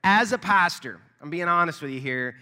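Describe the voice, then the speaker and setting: A man's voice: on the high side, lively intonation, moderate pace, bright, forceful tone, big-room sound. A man in his thirties, a pastor giving a casual, joking welcome and announcements to his church. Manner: friendly, joking, chatty with fillers. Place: church sanctuary.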